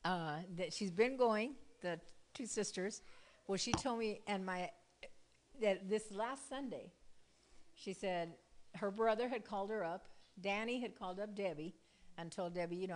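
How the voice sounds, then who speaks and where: A woman's voice: medium pitch, unhurried. A woman casually telling a faith testimony to a group, chatty, laughing often and leaning on "you know.". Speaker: church member sharing a testimony.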